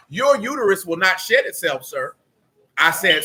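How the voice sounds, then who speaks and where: A man's voice: sits high, lively intonation, normal speed, pushed and bright. A man preaching a sermon, emphatic and blunt, with street slang and mocking asides.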